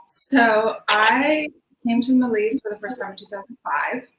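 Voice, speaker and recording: A woman's voice: on the high side, moderate pace, fairly bright tone, reverberant, poor audio. A woman speaking as a dancer guest in a casual interview, chatty and laughing often, with many fillers, on a video call from home. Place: home room in Sweden.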